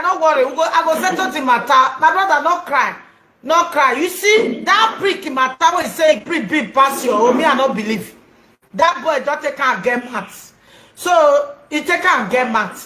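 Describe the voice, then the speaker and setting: A woman's voice: high voice, expressive, normal speed, sharp tone. Reassuring Nigerian woman host. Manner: soothing, reassuring, laughs often. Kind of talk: phone-in counselling talk. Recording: echoey room.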